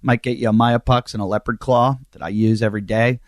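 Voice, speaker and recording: A man's voice: mid-range voice, steady tone, a little fast, dry recording, studio quality. A middle-aged man hosting a podcast, delivering a rambling, self-mocking comedic monologue. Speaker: podcast host.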